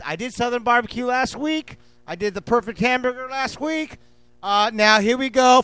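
A man's voice: very high-pitched, fairly bright tone, smooth, no echo. A man hosting a cooking show, talking in a brash, rambling way and swearing freely. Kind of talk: casual cooking show talk.

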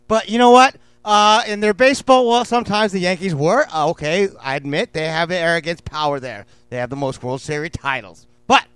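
A man's voice: high-pitched, fairly bright tone, smooth, no echo. A man hosting a cooking show, talking in a brash, rambling way and swearing freely. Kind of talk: casual cooking show talk.

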